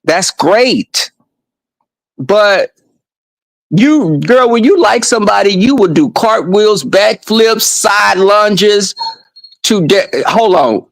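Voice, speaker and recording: A high-pitched man with a rough, gravelly texture spins a casual story for his vlog. He is brassy and profane, animated throughout, and the sound is dry and close. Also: slow pace, dry recording, low-quality recording. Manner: animated, profane and brassy, breaks off to scold a dog. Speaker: vlogger.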